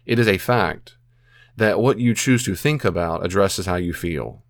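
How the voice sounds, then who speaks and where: Earnest low-voiced man giving advice. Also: moderate pace, no echo, studio quality. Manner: earnest, repeats phrases, acts out self-talk. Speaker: podcast host answering a listener. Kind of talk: casual advice monologue.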